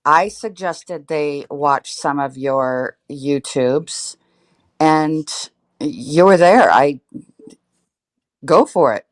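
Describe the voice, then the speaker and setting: Defensive woman smoothing over an argument. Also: deep voice, extremely slow. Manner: defensive, conciliatory. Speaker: panel guest. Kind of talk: heated panel chat.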